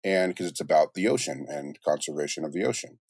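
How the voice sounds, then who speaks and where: Deep voiced middle-aged guy rambling thru an interview, dry close sound. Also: fast, slightly rough, no echo. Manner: relaxed storyteller, many restarts and asides. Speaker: voice actor and music producer guest. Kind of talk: casual interview chat.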